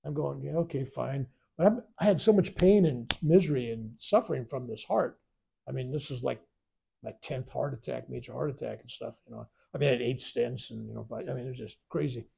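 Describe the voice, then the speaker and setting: A man with a gravelly, husky voice tells a spiritual story to a workshop. His tone is dark and mellow, and he rambles while acting out the voices he quotes. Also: medium pitch, a little fast. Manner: rambling, animated retelling with acted quotes. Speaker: spiritual teacher. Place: workshop room.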